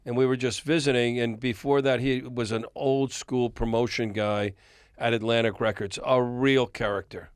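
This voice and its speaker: A man's voice: mid-range voice, normal speed, clear, resonant tone, no room sound, studio quality. An older man, a record executive, telling a long anecdote as a guest in a podcast interview and chuckling often. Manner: animated storyteller, chuckles often.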